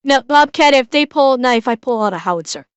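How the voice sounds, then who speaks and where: A chatty woman with a Midwestern American accent banters with her stream chat in a fairly high voice. Her casual reaction-stream talk sounds dry and close, with no room around it. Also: lively intonation, a little fast, clear, resonant tone, dry recording, lo-fi sound. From Chicago, USA.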